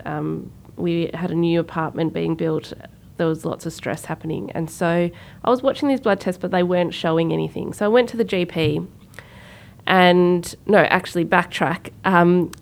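A Sri Lankan woman co-hosting a podcast tells a personal story in casual conversation, her voice fairly low and her pace moderate. She's animated, acting out the voices of the people she quotes.

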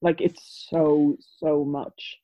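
A low, mellow-voiced European woman talks loosely in a casual podcast chat, circling back and restarting her thoughts as she goes. English is not her first language. Her audio sounds slightly dull and lo-fi. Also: flat delivery, very slow. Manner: rambling, frequent restarts and fillers. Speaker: podcast co-host.

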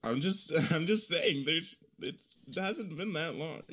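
A man's voice: fairly high pitch, expressive, a little slow, a bit bright, slightly rough. A young man co-hosting a podcast in casual chat, loose and joking and laughing often. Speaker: podcast co-host.

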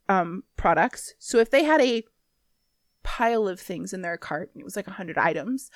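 A woman's voice: mid-range voice, no echo, studio quality. A woman co-hosting a podcast, telling a work story in casual chat and acting out the people in it. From Washington State. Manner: animated storyteller, acts out customers in a raised voice. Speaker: podcast co-host.

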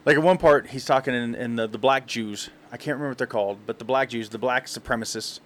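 A man co-hosting a casual podcast, telling stories in quick, animated bursts and laughing often. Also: mid-range voice. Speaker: podcast co-host. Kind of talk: casual chat.

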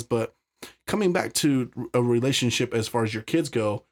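A man's voice: medium pitch, lively intonation, fairly quick. A man from Utah, a podcast guest, telling his story in casual, blunt talk full of profanity and restarts.

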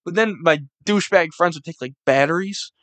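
Profane, animated young man telling stories. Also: on the high side, fairly quick, dry recording. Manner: profane, animated storytelling with acted-out quotes. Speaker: podcast host. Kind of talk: casual storytelling chat.

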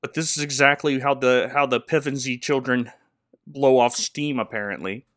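A man's voice: medium pitch, fairly even intonation, normal speed, a bit bright, no echo, clean studio sound. A man recapping a movie in a sarcastic, rambling comedic style, laughing often.

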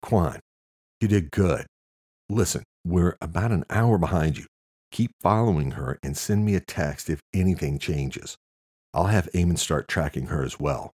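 A man's voice: deep voice, expressive, a little slow, a little mellow, slightly rough, heavily acted. A man voicing a tough, foul-mouthed male investigator who speaks urgently in an audiobook. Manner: urgent, cursing.

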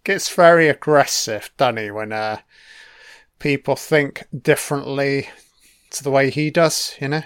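A man's voice: medium pitch, unhurried, a bit bright, smooth, dry recording, studio quality. Swearing man doing film commentary. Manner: swears freely, rambling asides, chuckles.

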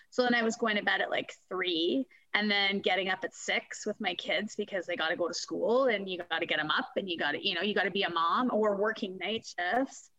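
A woman's voice: medium pitch, bright, forceful tone, muffled recording. A woman, talking candidly in a casual interview, swearing freely and acting out quotes. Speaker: guest.

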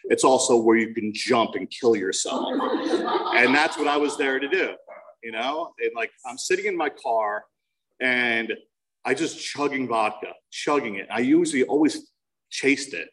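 A man in his forties from New Jersey tells his own recovery story at a meeting. His voice sits at an ordinary pitch, and his delivery is frank and self-mocking with dry jokes. The mic picks him up from across a meeting room. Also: moderate pace, a bit bright, recorded from a distance, rough recording. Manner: candid and self-mocking, with wry humor.

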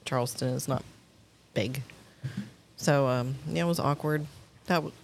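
Low-voiced chatty woman telling stories. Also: a little slow, vocal fry, a little hiss or hum. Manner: chatty storyteller, laughs often. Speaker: podcast co-host. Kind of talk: casual chat.

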